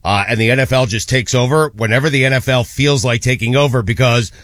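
A man's voice: medium pitch, fast talker, a bit bright, no echo. Sports radio guy, laid back chatter, lots of uhs, dry close mic. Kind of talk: casual sports talk.

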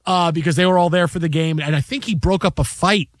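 A man hosting a sports radio show, telling a story with lively, animated energy and acting out the people in it. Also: a little high, fast talker, no echo, clean studio sound. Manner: animated storyteller, acts out shouting fans. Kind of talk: casual sports radio chat. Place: radio studio. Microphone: studio microphone.

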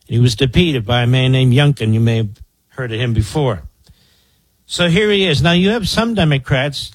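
Sarcastic radio host guy in his 60s from philly way, husky voice, dry close sound. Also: mid-range voice, expressive, moderate pace, no room sound. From Philadelphia area. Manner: sarcastic, combative. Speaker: radio talk show host. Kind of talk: political talk radio monologue.

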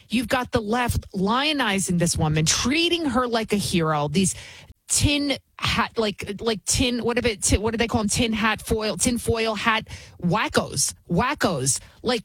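Husky-voiced woman hosting opinionated commentary. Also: a little high, no echo, low-quality recording. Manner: emphatic, indignant, repeats phrases for emphasis. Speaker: talk show host.

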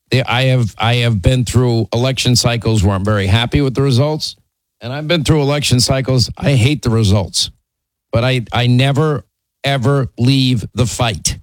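A man's voice: medium pitch, dry recording, low-quality recording. Emphatic male talk radio host. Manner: emphatic, restarts sentences.

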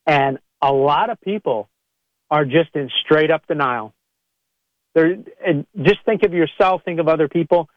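A chiropractor talks to his podcast audience in a relaxed monologue, his voice slightly high and his pace a touch slow. When he quotes people, he acts them out in a raised voice. The recording is lo-fi with no echo.

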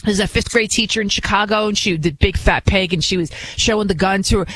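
A woman's voice: medium pitch, fast, a bit bright, poor audio. A woman hosting a commentary show who talks in an indignant, scornful way, often restarting her sentences. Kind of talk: opinionated commentary, playing clips.

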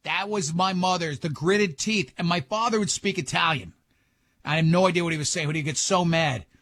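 A man with a high voice hosts a talk show. He is animated and teasing, and he slips into impressions of his parents as he tells stories. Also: brisk, no room sound, clean studio sound. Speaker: host. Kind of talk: casual chat.

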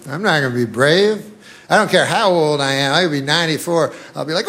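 A stand-up comic with a middle-pitched voice, self-mocking and a little pleading as he jokes. A loud laughing crowd and heavy room noise fill the live recording. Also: brisk. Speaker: stand-up comedian. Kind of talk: live stand-up comedy set.

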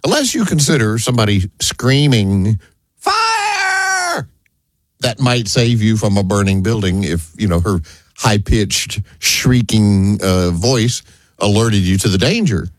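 A man, co-hosting a talk show with wry, deadpan jokes. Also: on the low side, a little slow, no echo. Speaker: radio show co-host. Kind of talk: casual talk show banter.

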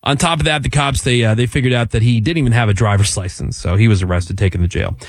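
A middle-aged man hosting a casual radio talk show, telling stories with lively, acted-out voices. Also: medium pitch, fast talker, dry recording. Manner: animated storyteller, acts out voices in anecdotes.

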